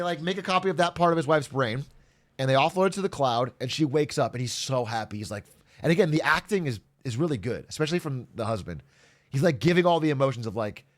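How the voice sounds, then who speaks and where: A man streaming to his chat, casually retelling an episode with lots of laughter and acted-out voices. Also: mid-range voice. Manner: animated storyteller, acts out characters, laughs often, swears.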